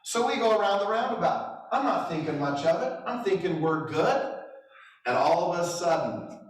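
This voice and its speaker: A middle-aged man working as a real estate trainer delivers a motivational talk, spinning stories full of self-deprecating humor and chuckles. His voice is high-pitched with big pitch swings at a normal speed. The recording has an echoey hall sound from a distant mic.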